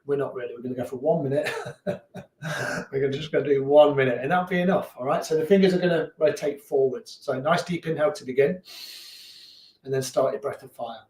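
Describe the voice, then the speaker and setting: A man teaching a beginner yoga class in a relaxed, chatty, encouraging way that sometimes laughs at himself. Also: medium pitch, fast talker. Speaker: yoga instructor. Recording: echoey room, voice from a distance.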